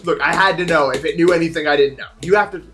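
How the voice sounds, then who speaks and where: A young man streaming, chatting casually with viewers in a rambling, animated way. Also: a little high, quick pace. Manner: rambling, animated, swings into shouting.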